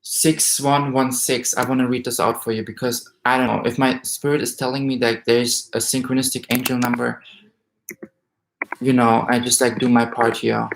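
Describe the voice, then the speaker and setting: A man gives a tarot reading, reading out card meanings and reacting with rising emotion and excitement. His voice sits at a middling pitch for a man. The room is roomy, so his voice echoes noticeably. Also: moderate pace, creaky. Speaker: tarot reader. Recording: roomy echo.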